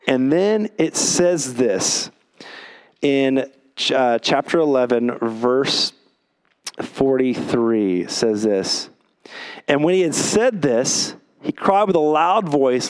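A man preaching a sermon, telling a personal story with animated energy, then reading scripture slowly and quietly for emphasis. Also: medium pitch. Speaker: pastor.

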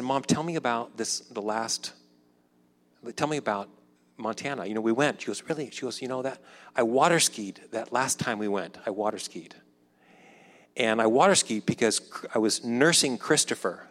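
A man in his fifties telling a personal story in a conversational way, acting out the dialogue and dropping softer when reflective. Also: medium pitch. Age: 50s. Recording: long hall reverb.

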